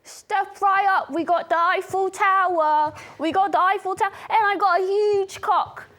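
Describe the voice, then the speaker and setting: A woman voicing a loud female tour guide in a put-on Cockney accent, calling out patter like a barker. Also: very high voice, fairly even intonation, normal speed, voice pushed up. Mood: barking.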